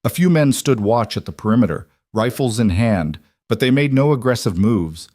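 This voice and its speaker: A man narrating a western story in a steady, dramatic scripted style. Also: medium pitch, moderate pace, dry recording, studio quality.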